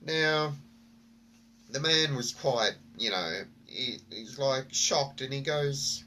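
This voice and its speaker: A man's voice: medium pitch, expressive, takes it slowly, bright, forceful tone, slight background noise. A man vlogging, telling a story and reflecting in a rambling way with many fillers and restarts.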